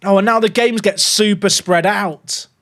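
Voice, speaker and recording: A man's voice: high voice, steady tone, unhurried, a bit bright. A man, chatting to his viewers while streaming a game, swinging between casual chat and mock panic. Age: 30s. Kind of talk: live-stream gaming chat.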